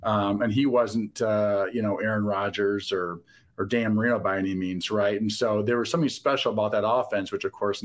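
A man hosting a relaxed sports podcast, speaking in a fairly low voice. He talks reflectively and conversationally, drawing his guest out. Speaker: podcast host, former quarterback. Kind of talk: casual interview chat.

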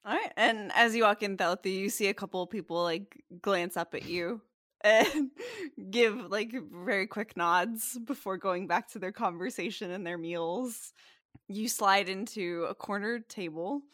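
A woman's voice: mid-range voice, measured pace, fairly bright tone, no echo, studio quality. A woman running a tabletop game, narrating in a loose, casual way with many fillers. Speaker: game master.

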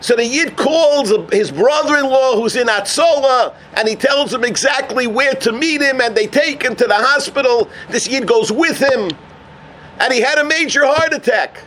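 A rabbi gives a Torah talk as a sermon in an extremely high-pitched voice at a moderate pace. He tells a story sprinkled with Yiddish and Hebrew terms, building up to emphatic, near-shouted points. There's a little hiss or hum on the recording.

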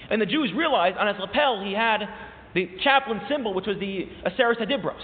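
A man's voice: high voice, expressive, quick pace. A man preaching a sermon as a rabbi, impassioned, his voice rising sharply on repeated questions. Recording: tinny, echoey hall recording.

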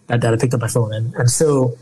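A young man from Nigeria, a podcast guest telling a long story in casual interview talk, animated and often laughing. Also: medium pitch, quick pace, husky, poor audio.

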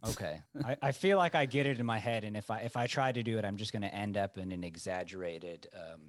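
A man chatting as a podcast guest, telling lively, rambling stories. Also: on the low side, fast talker, no echo, studio quality. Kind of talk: casual chat.

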